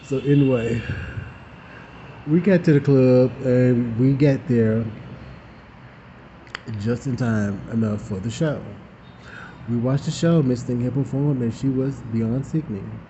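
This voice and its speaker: A man telling a story in a casual, animated way, laughing often and using campy slang. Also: mid-range voice. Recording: dull, lo-fi with faint hiss.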